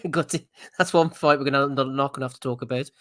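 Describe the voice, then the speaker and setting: A man's voice: mid-range voice, moderate pace, a bit bright, no room sound, studio quality. A man hosting a boxing podcast, reading out news items and laughing often. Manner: giggly, reads out news items. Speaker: podcast host. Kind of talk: casual chat.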